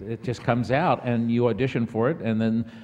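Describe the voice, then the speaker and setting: An older man answers fan questions at a convention panel, telling his stories with quick restarts, stammers and easy laughter. His mid-pitched voice carries the long reverb of a large hall. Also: fairly even intonation, a little mellow, muffled recording. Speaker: panel guest.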